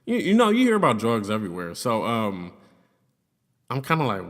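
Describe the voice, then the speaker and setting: A man's voice: fairly low pitch, very animated, normal speed. A young man casually telling a personal story, loose and profane, with lots of fillers. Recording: long reverb, hollow room sound.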